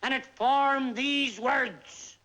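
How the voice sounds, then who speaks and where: A man's voice: extremely high pitch, drawn-out words, heavy background noise, full character voice. An actor playing a self-mocking male entertainer just home from army service, telling a wry story with comic timing in a 1950s film stand-up monologue. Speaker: stage entertainer.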